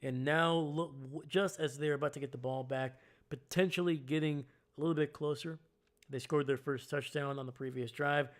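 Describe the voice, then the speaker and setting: A man doing live fan play-by-play and reaction, casual and self-mocking, getting excited on big plays. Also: on the high side, moderate pace.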